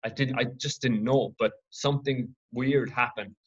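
A man from Ireland hosting his own podcast, telling a personal story in an earnest, reflective, halting way. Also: medium pitch, steady tone, husky, muffled recording. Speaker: podcast host.

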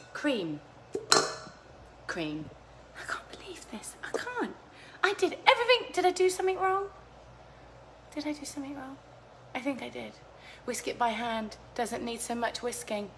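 High bright-voiced woman cooking, giggly. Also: a little hiss or hum. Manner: chaotic, giggly, swears freely, chats to viewers by name. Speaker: home cooking vlog host. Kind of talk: casual chat to live viewers while cooking. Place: home kitchen.

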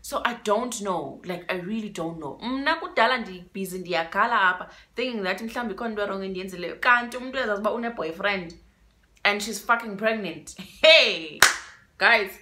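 Speaking briskly at medium pitch with a pushed, bright sound, this young vlogger with a South African accent dramatizes her story-time tale. She switches from English to isiXhosa and back, emotionally repeating words to stress them.

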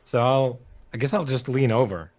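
Male player, brisk and friendly. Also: medium pitch, a little mellow. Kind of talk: playing a tabletop game.

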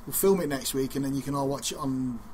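A man's voice: mid-range voice, fast, crowd noise. A man hosting a casual radio show, joking and rambling and often laughing.

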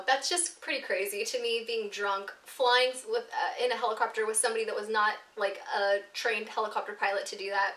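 A woman telling an animated storytime vlog, swearing often and laughing between lines. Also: fairly high pitch, roomy sound, distant mic. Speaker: vlogger.

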